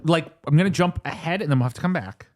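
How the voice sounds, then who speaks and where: A man co-hosting a podcast in casual chat, jokey and quick to act out quotes. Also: fairly high pitch. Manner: animated, jokey, acts out quotes. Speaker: podcast co-host.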